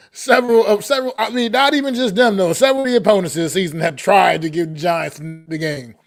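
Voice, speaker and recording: A man's voice: sits high, a little fast, vocal fry, soft background music. A man co-hosting a sports podcast, talking slangy and disgusted, dropping "bro" and "man.". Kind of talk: casual sports talk.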